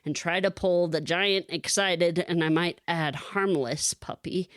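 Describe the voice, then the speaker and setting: A woman co-hosting a podcast, telling a lively personal story in casual chat and laughing often. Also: fairly low pitch, unhurried, no echo, studio quality. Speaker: podcast co-host.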